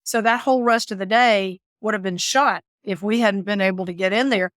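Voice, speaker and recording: Woman, animated storyteller, dry close mic, mid pitch. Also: a little fast, no echo. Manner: animated storyteller, laughs often. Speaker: guest, author and former caregiver. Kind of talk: storytelling interview.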